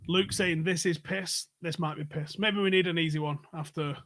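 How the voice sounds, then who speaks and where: A male host running a pub quiz over a live stream, chatting loosely and peppering his talk with swearing. His voice sits a little on the high side. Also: fairly even intonation, a little fast, a bit bright. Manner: jokey, swears freely. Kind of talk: casual live-stream banter.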